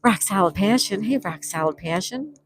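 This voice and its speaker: A woman's voice: mid-range voice, expressive, normal speed, poor audio. A retired woman in her sixties hosting a casual livestream, reading viewers' comments aloud and chatting back. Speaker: livestream host.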